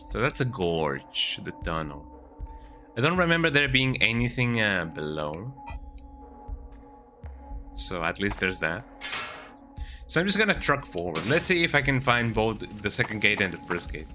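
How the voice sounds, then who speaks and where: A man's voice: fairly low pitch, big pitch swings, unhurried, pauses often, sharp tone, faint music behind. A man streaming a video game, chatting casually from home and tagging his sentences with "eh?". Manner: rambling, chatty, tags sentences with "eh?". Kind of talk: casual gameplay commentary. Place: home, at a computer.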